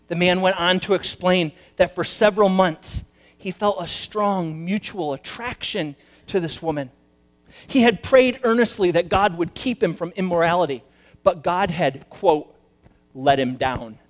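A male pastor giving a sermon, telling a story and swinging between loud emphasis and hushed asides. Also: on the high side, moderate pace.

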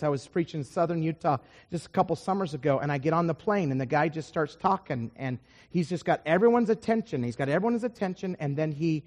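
A man preaching a sermon, telling a story with lively swings between loud emphasis and quiet asides. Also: sits high, in a large hall.

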